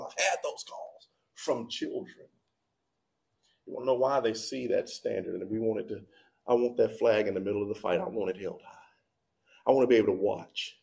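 A man preaching a sermon in a church, moving between quiet, low passages and loud, shouted appeals. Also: normal speed, vocal fry. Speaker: pastor. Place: church sanctuary.

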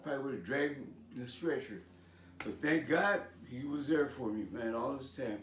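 A man's voice: mid-range voice, normal speed, a bit bright, slight background noise. A man in his sixties from California gives a personal testimony about his life. He talks casually, with lots of "man" and "you know" and some street slang. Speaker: speaker sharing his life story. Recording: echoey room, voice from a distance.

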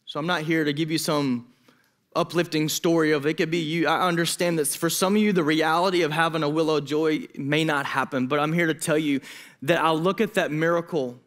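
Youth pastor guy in his 30s preaching, tells personal stories, emotional, kinda high voice. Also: steady tone, fairly quick, fairly bright tone. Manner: personal, emotional storytelling with asides. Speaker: student pastor. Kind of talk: sermon. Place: church hall.

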